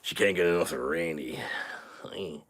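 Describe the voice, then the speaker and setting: A man's voice: sits low, moderate pace, fairly bright tone. A man playing a crude, boastful character on a live stream, talking rowdily and sounding tipsy from shots. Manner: crude, rowdy, swaggering banter. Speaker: livestream host.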